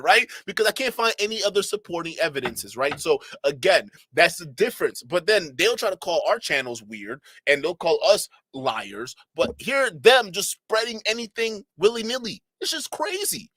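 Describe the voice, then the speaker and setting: A man hosting a commentary channel, talking to chat in an animated, sarcastic, rambling way. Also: high-pitched, no room sound. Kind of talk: reaction commentary.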